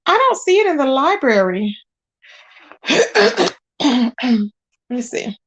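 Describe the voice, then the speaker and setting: A woman's voice: sits high, very animated, takes it slowly, slightly rough. A woman hosting a casual livestream, greeting viewers and chatting while she searches her screen. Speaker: livestream host.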